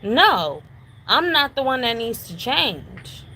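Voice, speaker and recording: A woman's voice: a little high, sing-song, slow pace, bright, forceful tone, a little hiss or hum, poor audio. A woman in her thirties, a homeless mother, speaking insistently and repetitively about being rejected, close to tears. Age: 30s. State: near tears. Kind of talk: emotional personal testimony.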